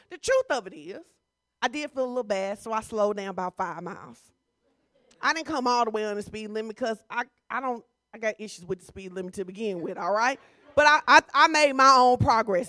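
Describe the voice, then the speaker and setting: High-voiced woman preaching, dry sound. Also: fairly bright tone, no room sound. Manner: conversational preaching, colloquial, teasing. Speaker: pastor. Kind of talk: sermon.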